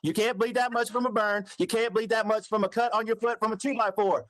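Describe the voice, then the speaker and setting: A man in a heated phone argument, yelling, cursing and accusing the other person of lying. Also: high-pitched, steady tone, brisk. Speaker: caller on a recorded phone call.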